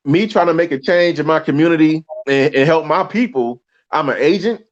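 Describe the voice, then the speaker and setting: A man's voice: a little high, normal speed, lo-fi sound. A man talking as a guest in a casual conversation, heated and preachy, firing off rhetorical questions.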